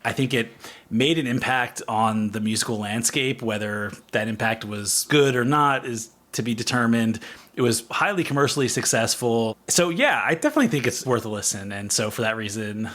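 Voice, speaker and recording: A man's voice: mid-range voice, animated, moderate pace, fairly bright tone. An American man co-hosting a podcast, chatting casually and teasing his co-hosts. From United States. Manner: joking, teasing. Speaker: podcast co-host.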